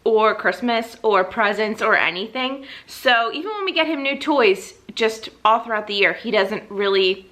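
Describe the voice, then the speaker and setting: Young woman vlogger, bright and bubbly, slightly breathless, casual to-camera chat. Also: a little high, moderate pace, few pauses. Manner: bubbly, gushing, frequent "like". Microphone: camera mic, seated.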